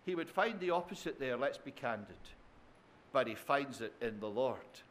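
A man's voice: mid-range voice, animated, moderate pace, fairly bright tone, a little hiss or hum. A man preaching a sermon, repeating phrases for effect, asking the congregation tag questions and calling them his dear friends. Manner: addresses listeners as dear friends.

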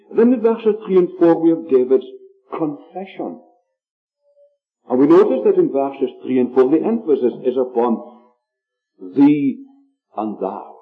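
A man preaching a sermon, slow and deliberate, leaning hard on single words. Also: mid-range voice. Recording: tinny phone-like recording.

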